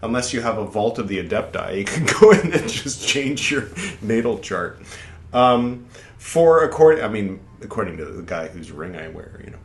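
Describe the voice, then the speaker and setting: A man's voice: lowish voice, big pitch swings, moderate pace. A man hosting a podcast, reading an old text aloud and breaking off into casual, irreverent, swearing asides. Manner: irreverent, swears, digressive, mock-dramatic quoting voices. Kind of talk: casual rambling reading commentary. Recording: echoey room with faint background noise.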